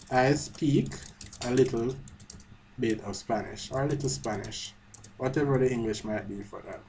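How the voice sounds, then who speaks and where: This language teacher speaks at medium pitch with a darkish tone, chatting casually through a screen-recorded lesson and fixing his own slips as he types. Audio quality is poor, carrying slight hiss or hum plus quiet keyboard clicks.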